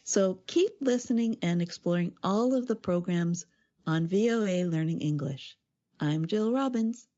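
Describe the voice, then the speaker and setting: Lady co-hosting an english lesson podcast, mellow warm voice, kinda dull sound. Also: lowish voice, lively intonation, a little slow. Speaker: co-host. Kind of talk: scripted educational podcast.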